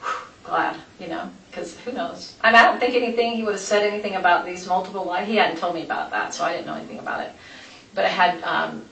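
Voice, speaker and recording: A woman with a low, gravelly voice recounts events in a police interview, rambling and chatty and always jumping to the next thread. She sits at a distance from the mic in a roomy, echoing space. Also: fairly bright tone. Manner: rambling, chatty, quick to change course. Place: interview room. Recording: echoey room, distant mic, light noise.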